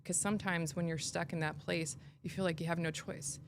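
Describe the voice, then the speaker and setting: A woman's voice: fairly low pitch, fairly even intonation, fairly quick, vocal fry, background noise. A woman hosting a podcast, talking in an earnest, reflective way and often restarting her sentences. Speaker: podcast host. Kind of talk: casual conversational interview.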